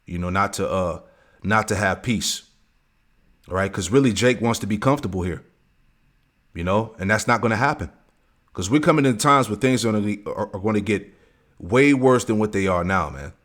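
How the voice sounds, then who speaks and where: A man giving a scripture lesson, reading verses slowly and peppering his talk with "man" and "all right". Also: on the low side, fairly bright tone. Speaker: religious teacher.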